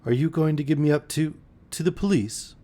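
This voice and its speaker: A man's voice: on the high side, fairly quick, mellow, voice pushed up, natural voice. A man reading aloud and voicing a distraught young woman in love, her voice pleading and breaking. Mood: urgent.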